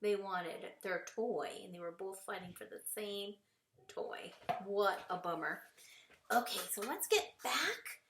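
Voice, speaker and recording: A woman's voice: medium pitch, lively intonation, a little slow, a bit bright, recorded from a distance, a little hiss or hum. A woman teaching an online reading lesson to children from home, patient and encouraging, stretching out words as she explains them. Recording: roomy echo, voice away from the mic.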